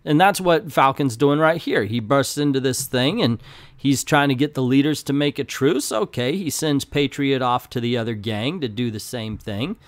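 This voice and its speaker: A man giving an opinionated, animated casual review of comic books, talking with his hands. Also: medium pitch, moderate pace, dry recording. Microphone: close desk mic.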